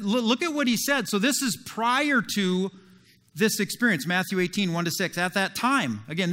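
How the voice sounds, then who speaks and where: Bright-voiced animated male preacher. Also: sits high. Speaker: pastor. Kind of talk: sermon.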